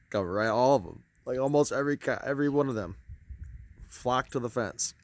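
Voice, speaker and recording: A man vlogging outdoors beside cattle, out of breath, excited, laughing and calling out praise now and then, on a handheld phone. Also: mid-range voice, moderate pace. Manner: excited, religious exclamations, laughs often. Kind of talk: casual outdoor video chat.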